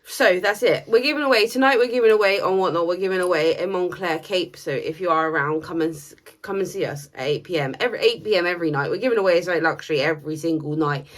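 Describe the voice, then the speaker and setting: A woman's voice: lowish voice, fast talker, few pauses. A woman with a chatty, bantering manner, hosting a thrift vlog and explaining brands and resale prices. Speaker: thrift reseller and channel host. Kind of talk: casual vlog chat.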